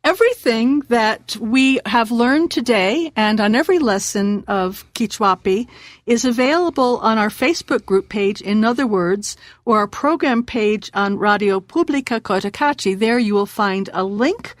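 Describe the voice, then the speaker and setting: A woman's voice: a little high, expressive, dry recording, clean studio sound. Woman teaching a patient radio language lesson. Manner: patient teacher, slows and repeats words.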